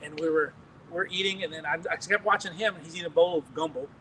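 A high-voiced American man preaching, spinning animated stories with chuckles and restarted phrases. He sounds a little distant from the microphone, and faint background noise sits under his words. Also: fast. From United States. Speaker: pastor. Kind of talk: storytelling sermon testimony.

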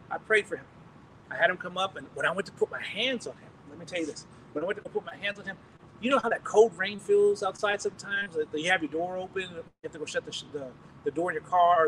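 A high-voiced American man preaching, spinning animated stories with chuckles and restarted phrases. He sounds a little distant from the microphone, and faint background noise sits under his words. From United States. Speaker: pastor. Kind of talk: storytelling sermon testimony.

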